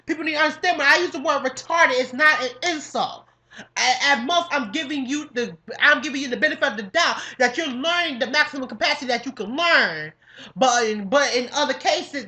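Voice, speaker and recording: A woman's voice: sits high, bright, forceful tone. A young woman from New York State, cohosting a podcast, rants in a casual monologue, profane and emphatic, repeating herself and using slang. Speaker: podcast co-host.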